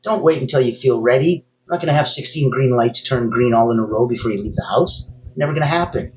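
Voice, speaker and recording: A man's voice: fast, a bit bright, slight background noise. Emphatic male motivational coach. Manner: emphatic, speaks straight to the listener, sudden upward pitch jumps. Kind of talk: motivational talk.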